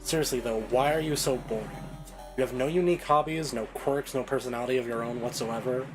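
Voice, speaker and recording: A man's voice: mid-range voice, steady tone, fast, voice pushed down, close to an everyday voice, poor audio. A man voicing a cruel mirror double of a young woman, talking in a sarcastic, taunting manner. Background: game soundtrack music.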